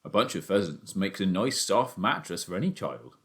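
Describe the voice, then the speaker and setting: Low, steady country father, voiced by a male reader. Earnest and plain-spoken, with an expressive delivery. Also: moderate pace, heavily acted. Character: a boy's father, a rural working man.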